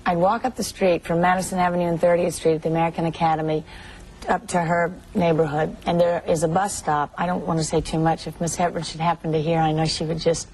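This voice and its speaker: A woman's voice: on the low side, little pitch movement, fast, darkish tone, low-quality recording. A woman in her thirties from Alabama, an actress chatting as a TV interview guest, telling stories and laughing often. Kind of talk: morning TV interview.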